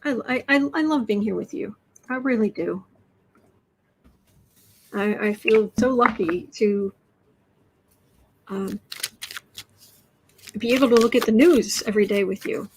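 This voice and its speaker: Woman, tarot livestream host, slightly high voice, rambling chatty delivery, faint background noise. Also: unhurried, long pauses, darkish tone, rough recording. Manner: chatty, frequent restarts and repeated words. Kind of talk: casual livestream chat, reading out viewer comments.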